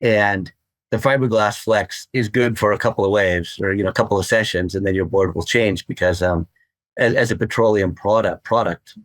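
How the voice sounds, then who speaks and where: An older man speaks as a guest in a podcast interview, with a fairly low voice. He talks with rambling enthusiasm and often repeats words as he goes. The recording is close and dry. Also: moderate pace, dry recording. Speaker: guest, surfboard craftsman.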